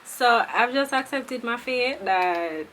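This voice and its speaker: A woman's voice: on the high side, expressive, slow pace, fairly bright tone, slight background noise. A young woman, chatting casually and with slang to her viewers in a beauty vlog. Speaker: beauty vlogger.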